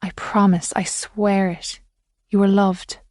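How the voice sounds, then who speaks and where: A woman reading an audiobook, voicing a determined woman officer who coaxes a lost girl gently. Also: medium pitch, level tone, slow, no room sound, studio quality, lightly acted. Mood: gentle. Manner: urgent but gentle, coaxing.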